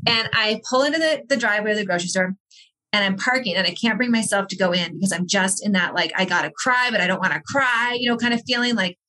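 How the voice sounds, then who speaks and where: A woman's voice: mid-range voice, fast, bright, forceful tone, poor audio. A woman talking as a podcast guest, an author and coach, speaking earnestly and reflectively with frequent restarts. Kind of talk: candid personal conversation.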